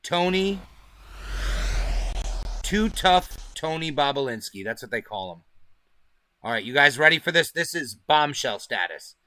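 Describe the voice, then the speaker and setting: A man's voice: on the high side, lively intonation, unhurried, pauses often, pushed and bright, no echo. A man hosting a live stream, talking casually and emphatically, often cursing and asking his viewers "okay?". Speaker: livestream host. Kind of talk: casual livestream commentary.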